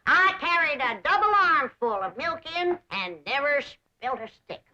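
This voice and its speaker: A woman's voice: sits high, sing-song, a little slow, bright, forceful tone, slight background noise, full character voice. An actress playing a feisty, bossy old hillbilly grandmother with an Ozark hill accent, telling tall tales. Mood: scoffing. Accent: Ozark hill country. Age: older. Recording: muffled 1960s TV soundtrack.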